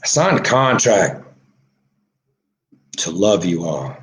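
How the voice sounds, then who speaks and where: A man delivering an emotional monologue, agitated and swearing, swinging from low mutters to shouting. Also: sing-song, slow. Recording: echoey room.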